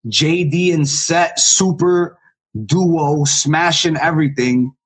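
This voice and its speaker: Man, podcast host, slow pace, husky voice, short casual questions. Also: fairly high pitch, steady tone. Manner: brief prompts and questions. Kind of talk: casual interview.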